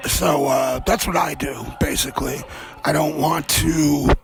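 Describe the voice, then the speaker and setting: A man's voice: a little high, fairly even intonation, unhurried, gravelly, faint music behind. A man hosting a comedy show, rambling through a profane, offhand monologue. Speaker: host.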